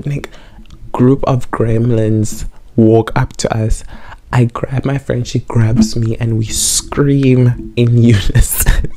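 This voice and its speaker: A man's voice: medium pitch, mellow. A young man in a casual storytime chat, a bit tipsy from wine, rambling and repeating himself as he tells the story. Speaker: vlogger.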